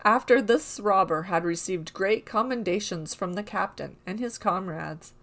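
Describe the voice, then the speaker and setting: Female storyteller, calm even read-aloud of a classic tale. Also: medium pitch. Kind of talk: storybook narration.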